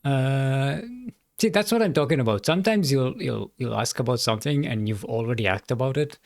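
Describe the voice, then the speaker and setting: A man's voice: medium pitch, a little fast, vocal fry. A man streaming a game, giving casual commentary in a rambling, self-correcting way and laughing easily.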